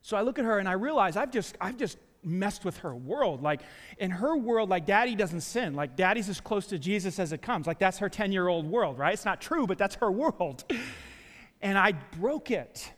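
Middle-aged male pastor, high voice, storytelling sermon, joking asides, long hall echo. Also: moderate pace. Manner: animated storytelling with self-deprecating asides and restarts. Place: church sanctuary.

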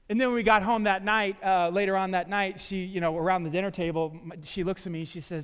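Middle-aged male pastor, high voice, storytelling sermon, joking asides, long hall echo. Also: very fast, few pauses, clear, resonant tone. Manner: animated storytelling with self-deprecating asides and restarts. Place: church sanctuary.

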